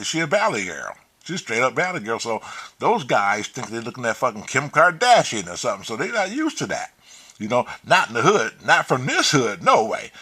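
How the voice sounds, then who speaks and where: A man hosting a show, telling a story in a profane, animated way and acting out the quotes. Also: mid-range voice, husky. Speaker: host. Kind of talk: casual storytelling.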